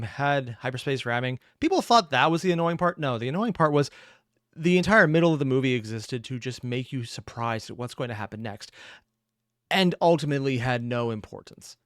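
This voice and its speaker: A man's voice: mid-range voice, lively intonation, fairly quick, a bit bright, smooth, no room sound, studio quality. A man giving casual reaction commentary, rambling and opinionated with self-deprecating asides. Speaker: reaction streamer.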